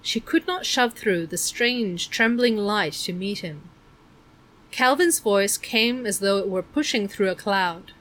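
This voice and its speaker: A woman narrating an audiobook in a middle pitch. Her reading is measured and expressive throughout.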